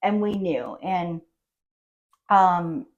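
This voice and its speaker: A woman's voice: fairly low pitch, expressive, very slow, highs cut off. A middle-aged woman, a guest on a podcast, telling her personal story in a casual, emotional and rambling way. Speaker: patient guest.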